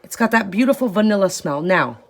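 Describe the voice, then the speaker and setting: A woman's voice: medium pitch, lively intonation, a little fast, roomy sound. A woman hosting a home cooking show, chatting casually and explaining each step as she stirs a pot in her kitchen.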